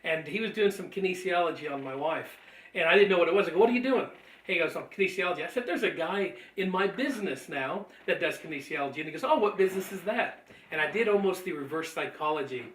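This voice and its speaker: A man cheerfully telling animated stories about recruiting friends into his business, laughing easily. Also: a little high, fast. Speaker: network marketing trainer. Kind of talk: storytelling testimony. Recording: echoey room, mic at a distance.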